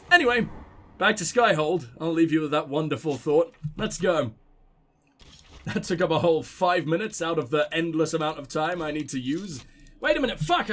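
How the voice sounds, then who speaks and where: A man talks over a video game in a high, light voice, rambling and swearing as he plays. He mocks himself constantly, then drops into low mock-sultry muttering or jumps into sudden excited yelps. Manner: crude, self-mocking, rambling; swings between excited outbursts and low mock-sultry mumbling. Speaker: gaming channel host. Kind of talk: casual let's-play commentary.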